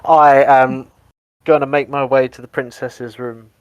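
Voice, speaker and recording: A man's voice: mid-range voice, flat delivery, unhurried, smooth. A man playing a tabletop game, casual and joking, swearing freely. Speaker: player.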